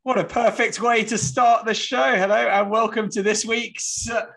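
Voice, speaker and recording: A man's voice: sits high, fairly even intonation, moderate pace, creaky, fairly bright tone. A man hosting a sports podcast, presenting and bantering in an upbeat way. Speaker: podcast host.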